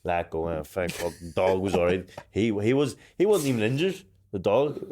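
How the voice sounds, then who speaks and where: Male co-host, low voice, casual and sweary. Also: normal speed, darkish tone. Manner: laughs through stories, swears freely. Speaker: podcast co-host. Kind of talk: casual chat.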